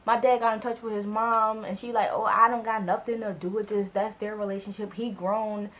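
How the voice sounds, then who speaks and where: A young woman in her twenties tells a personal story to her viewers, loose and chatty. She acts out the back-and-forth of old conversations and leans on "like" between thoughts. Her voice sits at an ordinary middle pitch. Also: fairly quick, low-quality recording. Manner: animated, acts out both sides of conversations; heavy use of "like" as filler. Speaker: vlogger. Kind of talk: casual storytime.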